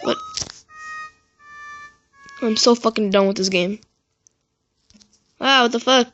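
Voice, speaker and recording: Raging over his gameplay, a YouTuber swears and shouts in frustration, mumbling to himself between blowups at a slow pace and medium pitch. The audio sounds dull, with faint music behind him.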